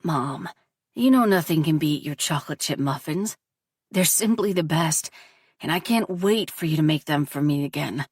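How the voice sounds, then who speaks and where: A woman's voice: deep voice, moderate pace, slightly rough, no room sound, clean studio sound, recorded from a distance. Woman voicing a earnest teenage boy. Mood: cheerful. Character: teenage boy, son, shaken but hopeful.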